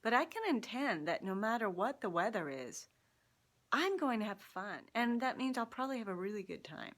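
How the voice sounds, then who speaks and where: Bright-voiced woman telling a story. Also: a little high, moderate pace. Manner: animated storyteller who laughs often. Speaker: vlogger sharing personal insights. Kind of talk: casual storytelling to camera. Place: Seattle.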